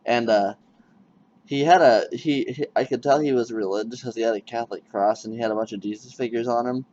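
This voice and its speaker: Speaking a little fast at medium pitch, a man chats casually with a musician he's interviewing, telling animated stories and acting out quotes from people. The sound is muffled lo-fi with a faint hiss of noise.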